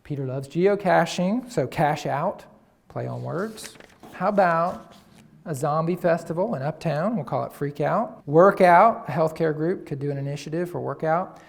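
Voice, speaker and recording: A man presenting a tourism marketing campaign to an audience, energetically pitching ideas and playing on words. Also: normal speed, creaky. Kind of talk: presentation to local business audience.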